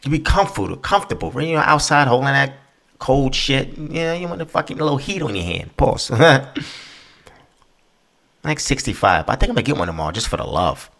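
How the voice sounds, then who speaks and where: A man speaking fairly quickly in a creaky, medium-pitched voice hosts his own podcast. In this casual solo rant he rambles, curses, and stays animated.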